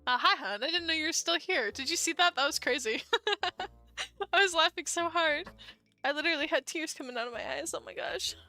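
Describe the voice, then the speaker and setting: A woman's voice: high-pitched, fairly quick, pushed and bright, faint music behind. A woman streamer playing a dating sim, reading it aloud and laughing often as she comments.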